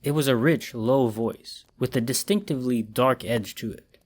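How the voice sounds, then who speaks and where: A man giving a scripted horror story narration in a measured, dramatic storytelling manner. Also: medium pitch, a little mellow, slight background noise.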